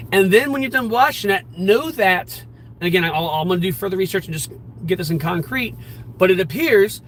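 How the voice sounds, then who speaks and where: High-voiced man explaining casually from a car. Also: fairly bright tone, a little hiss or hum, poor audio. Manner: conversational, plain-spoken, frequent restarts and fillers. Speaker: firearms instructor.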